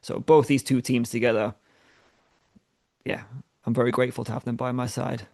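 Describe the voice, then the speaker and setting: A man from England speaks with a Norfolk accent at a mid-range pitch. He chats as a guest in a friendly, easygoing way and laughs easily. The sound is dry, with little room echo. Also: level tone, moderate pace, vocal fry, darkish tone. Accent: Norfolk English. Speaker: rock band musician, guest. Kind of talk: casual interview chat.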